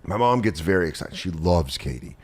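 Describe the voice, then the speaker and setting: Animated man telling funny stories. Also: low-pitched, brisk, slightly rough. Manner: animated, shifts into loud impressions of others. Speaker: podcast host. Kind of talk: comedic storytelling and casual chat.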